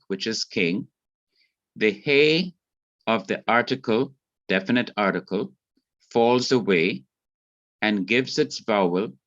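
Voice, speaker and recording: A man teaching Hebrew grammar in an online class, explaining slowly and carefully with restarts. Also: fairly low pitch, fairly bright tone, no room sound, dull audio. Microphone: video call.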